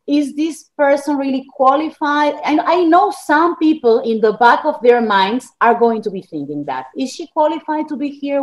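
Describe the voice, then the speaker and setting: Emphatic Argentine woman, high voice. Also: rough recording. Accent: Argentine Spanish. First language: Spanish. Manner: earnest, emphatic, storytelling. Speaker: guest author. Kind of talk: interview conversation.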